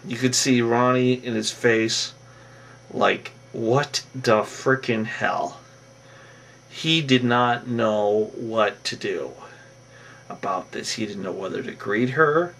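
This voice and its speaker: A man casually recapping a reality TV episode, rambling and animated, acting out what the cast said. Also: medium pitch, unhurried, far from the mic. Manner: rambling, animated, acts out cast members' lines.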